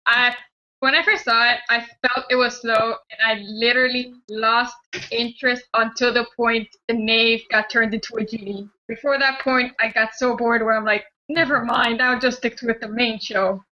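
A woman giving her opinions in a casual group podcast chat, talking in a chatty, animated way. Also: fairly high pitch, normal speed. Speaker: podcast panelist. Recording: dull lo-fi sound.

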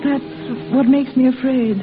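A tender, anxious young sweetheart. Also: female voice, high voice, steady tone, unhurried. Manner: emotional, pleading. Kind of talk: 1940s radio acting. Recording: narrow-band old radio broadcast with music.

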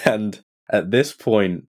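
A man, an actor guest on a podcast in a pub, telling lively anecdotes and acting out what others said. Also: on the low side. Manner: lively storyteller who acts out quoted lines.

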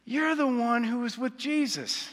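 A man voicing a curious little girl who questions a stranger eagerly, in a much higher voice. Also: a little slow, a bit bright. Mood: insistent. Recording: reverberant hall.

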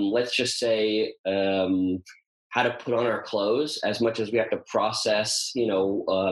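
Man teaching scripture in a roomy space. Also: mid-range voice. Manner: thinking aloud, frequent ums and uhs. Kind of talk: casual teaching talk. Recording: roomy echo.

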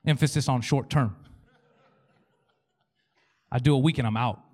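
A man's voice: mid-range voice, a little slow, darkish tone. A man preaching a sermon as pastor, joking and acting out imagined prayers and God's replies. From Canada. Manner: humorous, acts out prayers and replies in quoted voices.

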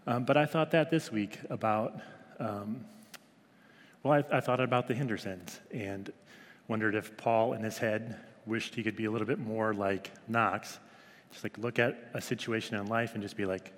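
A man's voice: medium pitch, unhurried, a bit bright. Chatty man in a reverberant hall. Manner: chatty, many fillers, mimics his toddler's voice. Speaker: small group devotional leader. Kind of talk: casual devotional talk.

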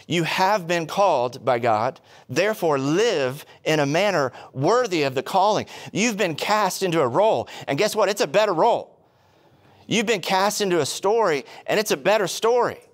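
A man preaching a sermon, telling stories with quick humorous asides and rhetorical questions. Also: on the high side. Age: adult, past college. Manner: animated storytelling with asides. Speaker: pastor.

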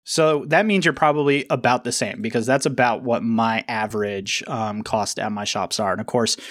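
A man's voice: medium pitch, normal speed, fairly bright tone, no echo, studio quality. A man co-hosting a comics podcast, chatting casually and tossing in joking asides. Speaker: podcast co-host. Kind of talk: casual chat.

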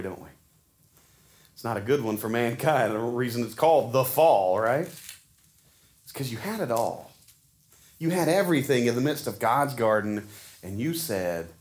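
A man's voice: medium pitch, lively intonation, normal speed, long pauses, darkish tone. A man, preaching a sermon to his church in a folksy, conversational way with frequent restarts. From Arkansas. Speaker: pastor. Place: church sanctuary.

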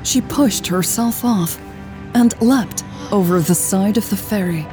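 A woman narrating an audiobook and hosting its podcast in a measured, even storytelling voice. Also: mid-range voice, over music. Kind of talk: scripted narration.

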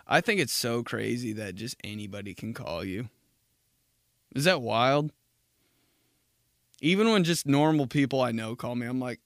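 A man in his twenties hosts a podcast with a medium-pitched, creaky, slightly bright voice, recorded clean in a studio with no room sound. He riffs through a casual comedic monologue, swearing freely, laughing at his own jokes and jumping into mocking voices.

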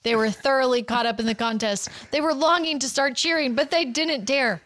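A woman's voice: sits high, brisk, fairly bright tone. A woman co-hosting a casual book podcast, who chats and reads passages aloud with a bubbly manner and frequent laughter. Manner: bubbly, laughs often while reading. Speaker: podcast co-host.

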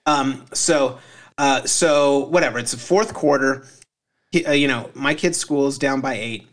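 This man, a parent who co-hosts a casual comedy podcast, rambles through a funny anecdote full of fillers and laughs at his own story. He speaks unhurriedly in a medium-pitched, slightly bright voice.

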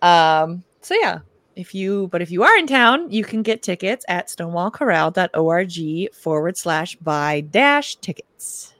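A woman's voice: fairly low pitch, animated, unhurried, a bit bright, no room sound. A bubbly woman who laughs often, chatting casually as a podcast host.

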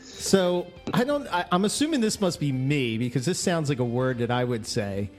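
A man's voice: mid-range voice, sing-song, normal speed, soft background music. A man with a Philadelphia accent co-hosting a casual podcast, easygoing and laughing, reading out listener mail. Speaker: podcast co-host.

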